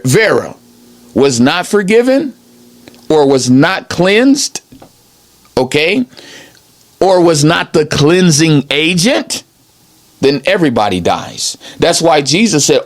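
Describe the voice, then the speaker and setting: This man's voice is high, and he's preaching an improvised, meandering sermon of his own making. He presses his points forcefully, following each with a repeated "okay?"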